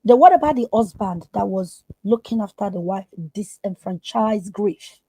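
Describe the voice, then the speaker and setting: A woman's voice: medium pitch, lively intonation, moderate pace, dark tone, breathy edge, dry recording, poor audio. A woman therapist speaking as a podcast guest, earnest and emphatic. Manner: emphatic, acts out quoted voices.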